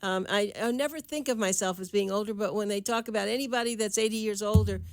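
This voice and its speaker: A woman's voice: mid-range voice, dry recording. An older woman hosting a radio talk show from a studio, chatty and easygoing. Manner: chatty, easygoing, quick to laugh. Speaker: radio host. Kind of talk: casual radio chat.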